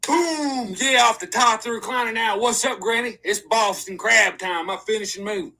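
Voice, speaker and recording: A man's voice: high voice, moderate pace, voice pushed up, full character voice. A man voicing a rowdy young grandson who trash-talks his grandmother in a comedy skit. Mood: rough. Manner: rough, loud trash talk.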